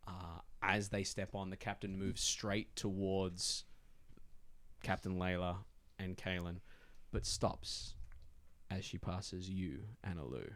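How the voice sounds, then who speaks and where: A man's voice: low-pitched, steady tone, slow pace, fairly bright tone. A man narrating a tabletop game as game master, with rambling descriptions full of fillers.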